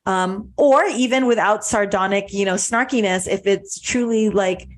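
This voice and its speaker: A woman hosting a podcast, calmly explaining ideas in a reflective conversation. She often restarts and repeats words as she thinks aloud. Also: medium pitch, moderate pace. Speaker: podcast host.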